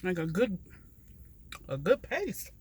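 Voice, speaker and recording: A woman's voice: fairly low pitch, husky. A woman from Philadelphia with a southern drawl, chatting casually between bites as she eats in her parked car at a park. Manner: chatty, slow and relaxed, talking between bites. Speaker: mukbang vlogger. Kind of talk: casual chat while eating.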